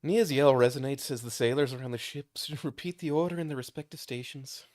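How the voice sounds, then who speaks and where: A man reading a game's story aloud at an ordinary, middle pitch. His delivery is casual and unpolished, tripping over words now and then and breaking into laughter. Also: brisk, darkish tone. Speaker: streamer reading a visual novel aloud. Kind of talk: casual reading of game narration.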